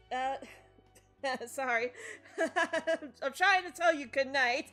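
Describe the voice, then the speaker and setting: A woman's voice: high voice, measured pace, fairly bright tone, faint music behind. A woman streamer chatting casually with her viewers and laughing often. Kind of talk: casual live-stream commentary.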